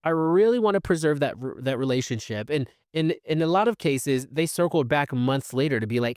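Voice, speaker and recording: Brisk and a little high-pitched, a solo podcast host barely pauses, his studio-quality recording free of room sound. He speaks casually with fillers and restarts, bringing quoted conversations to life in an animated way.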